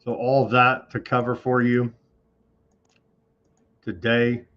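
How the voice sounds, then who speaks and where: Taking it slowly, an online news host talks at medium pitch with little pitch movement, keeping things loose and off the cuff with sarcastic asides. The casual commentary comes through in slightly dull lo-fi audio.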